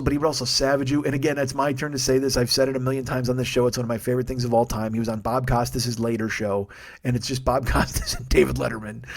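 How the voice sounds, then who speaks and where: A man in his forties, a comedian hosting his own podcast, talking alone in an animated, profane monologue and acting out quotes as he goes. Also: medium pitch. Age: 40s. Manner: animated, profane, quick asides, acts out quotes.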